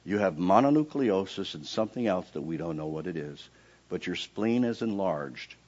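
A man voicing a female doctor giving serious news, speaking flat and slow. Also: low voice, dull audio. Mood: stern. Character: female hospital doctor, stern and matter-of-fact.

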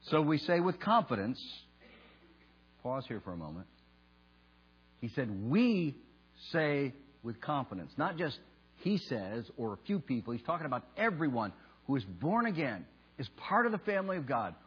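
Husky guy preaching slow and emphatic in a church, kinda muffled recording w/ mains hum. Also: mid-range voice, big pitch swings, faint music behind. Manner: slow, emphatic, leads the congregation in call and response. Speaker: pastor. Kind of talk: sermon. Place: church sanctuary. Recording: dull lo-fi sound with mains hum.

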